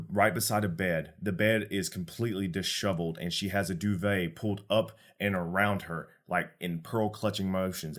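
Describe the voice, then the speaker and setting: A man narrating as game master of a tabletop game, relaxed and descriptive. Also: low-pitched.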